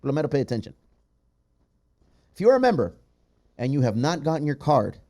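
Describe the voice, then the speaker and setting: A man hosting a podcast in casual chat, reading out patron names in a loud, playful way with plenty of swearing. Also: a little high, big pitch swings, brisk, creaky, long pauses. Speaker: podcast host.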